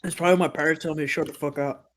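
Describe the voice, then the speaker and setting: Goofy man player, loud silly bursts, faint hiss behind. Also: a little high, steady tone, very fast. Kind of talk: casual chat with friends while gaming.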